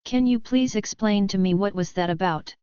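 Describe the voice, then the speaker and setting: A man's voice: sits high, moderate pace, warm tone, smooth, dry recording, muffled recording, natural voice. A woman voicing a hot-tempered, loyal young male werewolf, in an urgent, protective way, in an audiobook.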